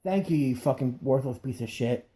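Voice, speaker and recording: A man's voice: mid-range voice, animated, moderate pace, warm tone. A man co-hosting a talk show, chatting casually and cursing as he gripes. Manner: profane, joins in the griping. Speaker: podcast co-host. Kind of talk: casual chat.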